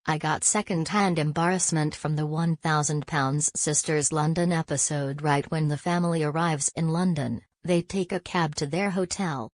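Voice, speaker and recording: A woman giving a scripted gossip recap in a steady, even read. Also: deep voice, moderate pace, few pauses, no room sound. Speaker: celebrity gossip narrator. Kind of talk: scripted narration.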